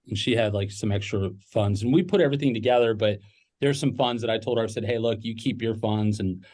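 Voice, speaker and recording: A middle-aged business owner, a guest on a podcast, tells a personal business story casually, rambling with fillers and restarts. His voice is lowish, brisk and somewhat dark in tone.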